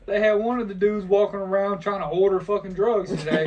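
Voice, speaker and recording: A man's voice: high-pitched, steady tone, a little fast, hardly any pauses, lo-fi sound, a crowd in the background. A young man, telling profane, laughing stories in a casual podcast chat. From Louisiana, US. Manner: laid-back, profane, laughing storyteller. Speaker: podcast host. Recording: distant mic with faint noise.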